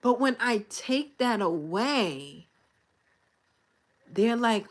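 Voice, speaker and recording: A woman's voice: fairly high pitch, lively intonation, very slow, pauses often. A woman hosting a livestream who chats casually and with confidence. She is blunt and slangy, and repeats her points for emphasis. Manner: slangy, blunt, talks straight to viewers. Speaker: livestream host.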